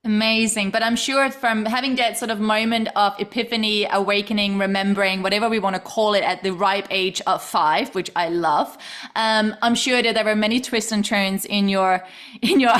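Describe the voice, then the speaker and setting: A woman's voice: medium pitch, fairly bright tone. A woman hosting a casual studio interview, gushing and enthusiastic with her guest. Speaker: podcast host.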